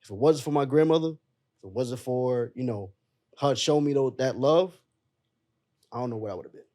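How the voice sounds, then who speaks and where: A man's voice: mid-range voice, moderate pace, mellow. A young adult man, a podcast guest, telling a personal story in an emotional, earnest way and calling his friends bro. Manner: emotional and earnest, calls the listener bro often.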